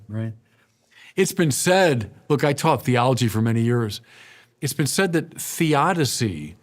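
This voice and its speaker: A middle-aged man, a priest, preaching a sermon in a conversational way, with rhetorical questions to the congregation and frequent repeated words. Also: mid-range voice.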